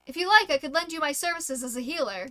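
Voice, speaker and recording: A woman voicing a kindly old male healer priest who speaks in a gentle, courtly, fussing way. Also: high voice, lively intonation, fast.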